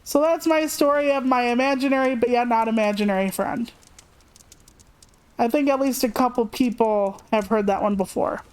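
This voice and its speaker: A young adult woman streamer casually telling a personal story, chatty and animated, raising her voice to act out what others said. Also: moderate pace, smooth. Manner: chatty, animated, acts out quotes with raised pitch.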